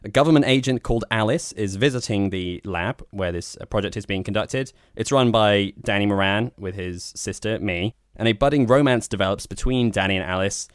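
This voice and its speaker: Smooth low-voiced man, wry podcast host. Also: fairly quick, hardly any pauses, no echo, studio quality. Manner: rambling, wry, full of restarts. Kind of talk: casual film review chat.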